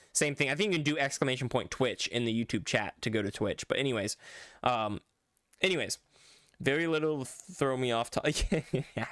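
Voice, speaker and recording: Male streamer, mid pitch, rambly and self-correcting, chatting with viewers over a dry, close mic. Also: fairly bright tone, clean tone, dry recording. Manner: rambling, self-correcting, talks back to chat. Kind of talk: casual live-stream chat while gaming.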